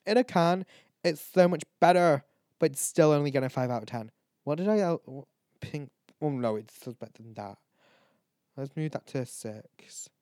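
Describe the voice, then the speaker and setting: A man's voice: fairly high pitch, fairly quick, darkish tone, no room sound, studio quality. A tipsy man, chatting loosely and swearing as a podcast host. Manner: rambling, chatty, swears a lot, laughs at himself. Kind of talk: casual drunk chat, ranking canned cocktails.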